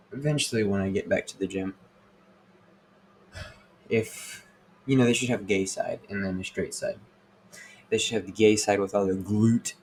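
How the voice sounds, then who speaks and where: A young man talks in a low voice, rambling through a crude podcast monologue full of fillers and cursing. A faint hum sits behind him. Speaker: podcast host.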